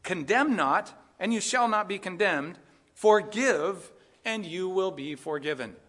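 A man preaching a sermon with a high, bright voice. He drops low for dry, sarcastic asides, then rises into loud, emphatic preaching. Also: lively intonation, unhurried. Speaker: pastor.

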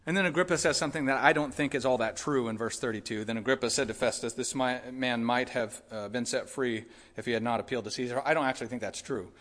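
A man preaching a sermon as pastor, shifting from calm Bible teaching to loud, fervent exhortation. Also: mid-range voice, fast talker. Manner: builds from quiet teaching to loud impassioned preaching.

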